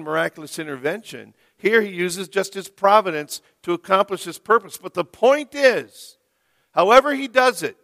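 Slow-preaching pastor man in a reverberant church. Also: high-pitched. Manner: slow, emphatic preaching with rising, loud stresses. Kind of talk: sermon. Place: church sanctuary. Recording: long reverb of a church hall.

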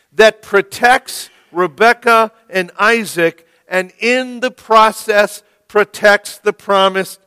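A man preaching a sermon as the pastor of a church, slow and emphatic, leaning hard on key words. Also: sits high. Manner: slow, emphatic preaching with rising, loud stresses. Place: church sanctuary. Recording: long reverb of a church hall.

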